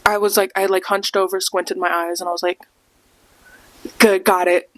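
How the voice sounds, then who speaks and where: Animated young woman telling a story. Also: medium pitch, normal speed. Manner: animated, laughs often, acts out quotes. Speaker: podcast host. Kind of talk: casual storytime chat.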